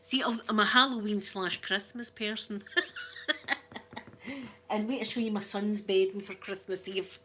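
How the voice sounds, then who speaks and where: A woman's voice: medium pitch, steady tone, measured pace, long pauses, bright, forceful tone, slight background noise. A woman with a Scottish accent chatting casually with viewers on a live stream, giggling often and reading out comments. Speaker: ASMR channel host.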